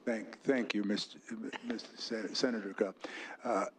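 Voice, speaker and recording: A man's voice: lowish voice, fairly even intonation, moderate pace, slight background noise. An older man, a veteran, chairing a legislative committee hearing, speaking with emotion and apologizing for it.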